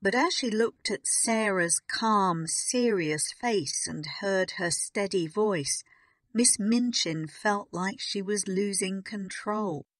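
A woman narrating a graded story for English learners in a calm, even reading. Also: medium pitch, takes it slowly, dry recording, studio quality. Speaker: audiobook narrator.

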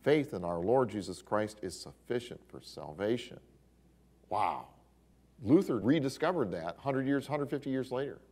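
A man teaching a Bible history class, who tells the story in a lively way with exclamations. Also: medium pitch, normal speed. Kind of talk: classroom lecture.

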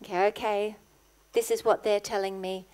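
A middle-aged woman, a guest pastor, preaching a sermon in church, rising to loud, passionate exclamations. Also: medium pitch, flat delivery, moderate pace.

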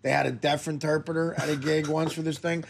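A man's voice: fairly high pitch, little pitch movement, fairly quick, gravelly, noisy background. A man hosting a radio talk show, teasing his guests and laughing often. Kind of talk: casual studio chat.

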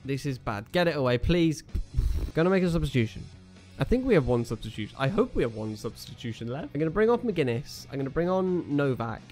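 A young man's fairly high, slightly mellow voice has a sing-song lilt and moves a little fast, with faint music behind it. He's a gaming YouTuber giving casual live commentary on his own football game, reacting to each play with jokes, groans and cheers.

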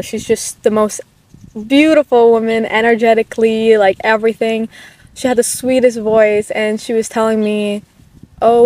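Soft-spoken young woman, rambling and emotional. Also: on the high side. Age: late teens. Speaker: vlogger. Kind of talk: casual chat. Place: outdoors at a park. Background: dogs barking at times.

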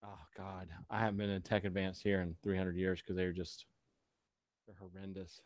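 A man's voice: low voice, level tone, moderate pace, no echo. Guy hosting a live chat, rambly and sarcastic, dry close sound. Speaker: host.

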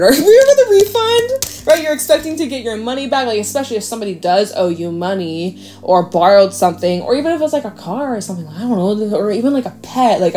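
A woman's voice: mid-range voice, a little mellow. Chatty woman reading tarot cards. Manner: chatty, rambling, swears and laughs, frequent fillers. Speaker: tarot reader. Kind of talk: casual tarot reading to camera. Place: home with a dog nearby.

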